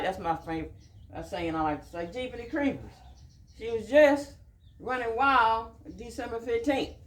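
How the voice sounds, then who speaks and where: A man, a horse trainer talking casually through his work in a soft, hushing, calming voice, outdoors. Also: high voice, echoey room. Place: outdoors at a horse pen with farm birds.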